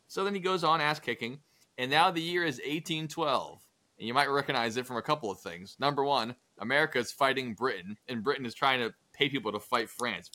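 A man hosting a casual podcast, retelling history with crude jokes and quick acted-out asides. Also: mid-range voice, lively intonation, pushed and bright. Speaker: podcast host. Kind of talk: casual comedic history chat.

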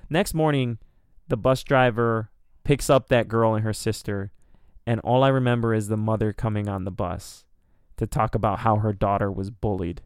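A man's voice: lowish voice, fairly even intonation, normal speed, clear, resonant tone, dry recording, clean studio sound. A young man casually telling a rambling, profane, self-deprecating story as a podcast co-host.

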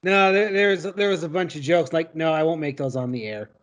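A man's voice: a little high, brisk. A man co-hosting a podcast, joking in a wry, teasing way. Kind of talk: casual podcast chat.

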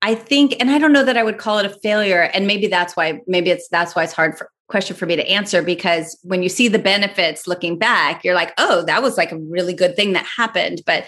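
A woman's voice: lowish voice, brisk, hardly any pauses, fairly bright tone. A woman in her forties, a podcast guest, telling a parenting story in casual chat and acting out her own thoughts.

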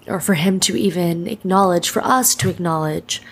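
A woman's voice: fairly low pitch, normal speed, breathy edge. A woman hosting her podcast, speaking in an earnest, emotional, reflective way as she introduces the episode. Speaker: podcast host. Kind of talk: heartfelt podcast intro monologue.

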